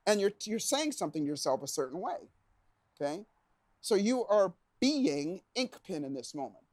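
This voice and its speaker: Animated male motivational speaker. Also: high voice, normal speed, no echo. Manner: animated, asks the audience questions, acts out reactions. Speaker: keynote speaker. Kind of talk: motivational seminar talk to a live audience.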